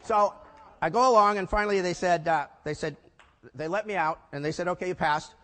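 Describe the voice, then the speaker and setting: Older guy, bit high voice, storytelling keynote, throws questions at the crowd, big echoey hall. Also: a little fast, a little hiss or hum. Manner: lively storyteller quizzing the audience with rhetorical questions. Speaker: keynote speaker. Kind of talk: storytelling conference talk. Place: conference hall before a live audience. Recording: long reverb of a large hall.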